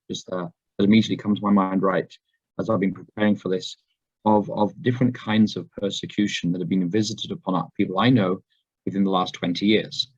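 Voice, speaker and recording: A man giving a sermon talk to a congregation, hoarse after laryngitis, unhurried and full of ums and uhs. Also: low voice. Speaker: guest speaker. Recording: dull lo-fi recording.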